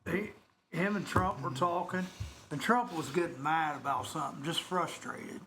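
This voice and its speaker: A man hosts casual local radio, rambling through announcements and laughing easily. His voice sits notably high for a man. Faint noise hums in the background. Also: moderate pace.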